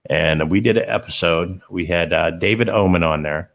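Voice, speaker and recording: A man hosting a casual chat, eager and quick to chime in. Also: sits low, fairly bright tone.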